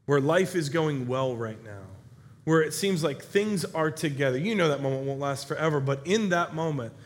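Man, high voice, animated sermon storyteller, casual preaching, acts out quotes. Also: normal speed. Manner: animated storyteller, acts out quoted characters with raised pitch and volume. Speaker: pastor. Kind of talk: sermon retelling a Bible story.

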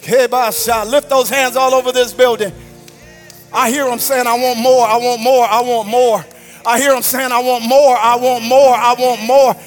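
High-pitched guy preaching in church, sing-songy, gets shouty, music playing faintly behind. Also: little pitch movement, moderate pace. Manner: passionate, sing-song preaching that swells to shouts. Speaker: pastor. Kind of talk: sermon. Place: church sanctuary.

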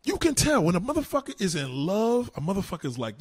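A man's voice: sits high, huge pitch swings, fast, hardly any pauses, slightly rough, dry recording, clean studio sound. A man doing a heated, mocking, heavily profane rant on his live stream. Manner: heated, mocking, swears constantly.

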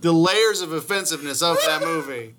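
A man's voice: on the high side, fairly quick, noisy background. A man in casual podcast banter who laughs often and quotes film lines.

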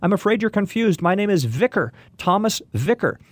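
A man's voice: sits high, sing-song, normal speed, dry recording, voice pushed up. A man reading a story and voicing a polite, flustered father who patiently repeats himself.

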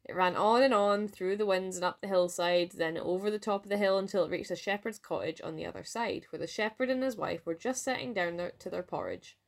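Scottish woman, storyteller, mid-pitched voice, lively folk-tale reading. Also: brisk, gravelly, few pauses. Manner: lively read-aloud with voiced dialogue. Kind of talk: storytelling narration.

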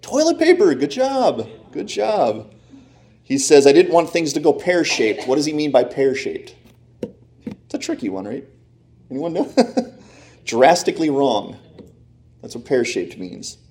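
A man's voice: medium pitch, wildly swooping pitch, unhurried, pauses often, warm tone. A man preaching a sermon, playfully asking his congregation questions and joking with them. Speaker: pastor. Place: church in front of a congregation.

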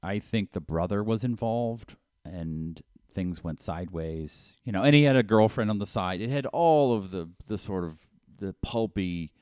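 A man's voice: on the low side, expressive, moderate pace, few pauses, darkish tone, smooth, no room sound, clean studio sound. A man in casual chat, rambling and swearing as he riffs on crime stories, slipping into comic impressions.

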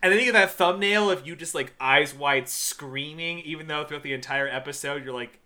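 A man co-hosts a casual podcast in an excitable rush, swearing freely. His voice is strikingly bright and sharp, a bit higher than most men's. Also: fairly quick. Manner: excitable, laughing, swears often. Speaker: podcast co-host.

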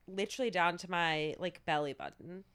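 A young woman guest on a podcast, chatting casually and telling animated stories, acting out other people's lines. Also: on the low side, fairly quick, clean tone, no room sound. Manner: animated storyteller, acts out quotes. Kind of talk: casual chat.

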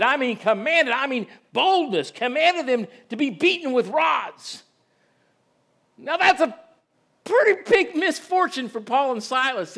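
Man, pastor, sermon, high-pitched, folksy, rhetorical questions. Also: fairly bright tone.

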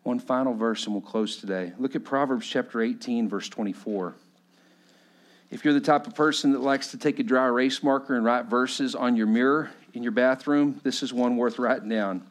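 A male pastor preaching a sermon in an impassioned storytelling style that swells loud and drops to quiet. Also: medium pitch, normal speed.

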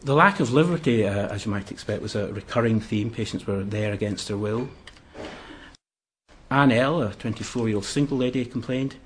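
A man giving a history lecture, pausing often with "uh" fillers between phrases. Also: lowish voice, a little hiss or hum. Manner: hesitant, many "uh" fillers.

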